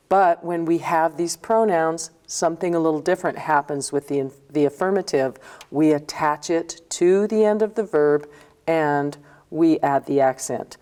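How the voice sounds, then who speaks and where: Low warm-voiced teacher lady, patient, explaining grammar step by step, keeps saying okay. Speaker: Spanish teacher. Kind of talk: recorded grammar lesson.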